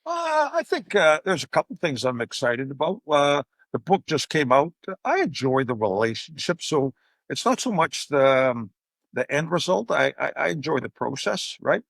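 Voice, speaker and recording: Gravelly older man telling stories. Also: on the high side, moderate pace, dry recording. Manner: animated anecdotes, acting out quoted voices. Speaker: podcast guest, speaker and coach. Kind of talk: casual interview storytelling.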